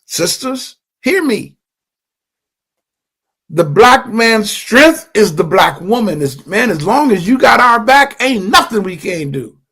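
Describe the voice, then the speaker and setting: Older male livestream preacher, fervent and emphatic, somewhat high-pitched, stumbles over repeated words. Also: fairly bright tone, slightly rough. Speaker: livestream host and teacher. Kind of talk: impassioned livestream teaching.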